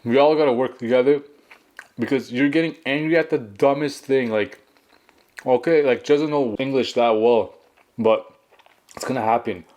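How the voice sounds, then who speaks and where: Young man, mukbang vlogger, casual storytime, mid-pitched voice, loose filler-heavy delivery. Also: normal speed, long pauses, a little mellow. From Canada. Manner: chatty, filler-heavy storytelling with acted quotes. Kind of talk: casual storytime while eating.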